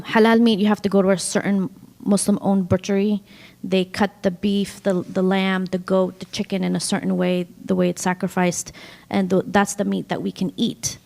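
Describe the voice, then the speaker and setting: A woman's voice: mid-range voice, creaky, darkish tone. A woman in her thirties from Afghanistan with a New York accent, speaking as a panelist in a chatty way, with frequent ums and laughs. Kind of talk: panel discussion. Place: synagogue hall.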